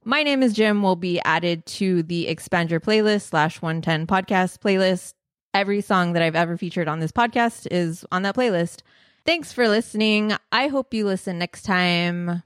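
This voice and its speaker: A woman's voice: mid-range voice, normal speed, no room sound, clean studio sound. A woman hosting a podcast, chatting in a bubbly, giggly, gushing way. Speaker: podcast host. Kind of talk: casual podcast chat.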